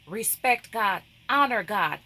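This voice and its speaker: A woman's voice: mid-range voice, lively intonation, slow, bright, forceful tone. A woman, hosting a craft devotional and preaching with emphatic repetition, often calling out to "people". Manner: emphatic, repeats phrases, calls out to "people".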